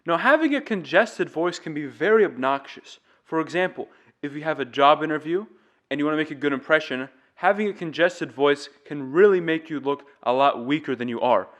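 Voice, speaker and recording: A man's voice: fairly high pitch, lively intonation, brisk, a bit bright. A man teaching singing, explaining vocal tips step by step in an earnest, demonstrative way. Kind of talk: casual vocal tutorial.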